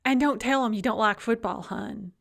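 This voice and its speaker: A woman's voice: fairly high pitch, normal speed, vocal fry. A woman narrating an audiobook, voicing a doting, shrewd old grandmother with a fond, drawling, teasing manner. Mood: chatty. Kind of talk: audiobook character voice.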